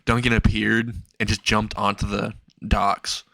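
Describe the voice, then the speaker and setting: A man's voice: fairly low pitch, little pitch movement, a little slow, gravelly, bright, forceful tone, dry recording. A man casually narrating a fan-made story, rambling and swearing. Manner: rambling, profane, laughs at own jokes.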